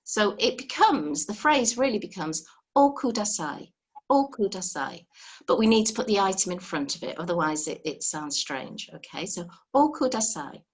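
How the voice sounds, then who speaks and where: A woman's voice: mid-range voice, sing-song, normal speed, husky. A woman teaching a live beginner language lesson over a video call, patient and encouraging, explaining step by step.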